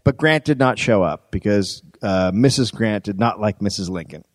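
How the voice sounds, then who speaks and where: A man hosting a live comedy history show, narrating a story with frequent laughter and shouted quotes. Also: lowish voice, lively intonation, moderate pace, a little hiss or hum. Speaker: podcast host. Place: live stage show with audience.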